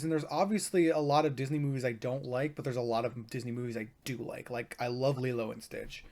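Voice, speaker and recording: A man's voice: medium pitch, a little fast, few pauses. A young man co-hosting a casual podcast, rambling and restarting his sentences as he talks about movies. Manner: rambling, restarts a lot, animated. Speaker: podcast co-host. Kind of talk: casual chat.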